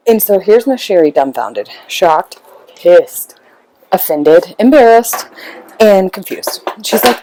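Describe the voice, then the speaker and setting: A woman hosts a podcast and tells a story at a loose, rambling pace. She talks casually with many fillers. Her voice sits at a middle pitch. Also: big pitch swings, takes it slowly, warm tone, low-quality recording. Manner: rambling, acts out quoted voices. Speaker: podcast host.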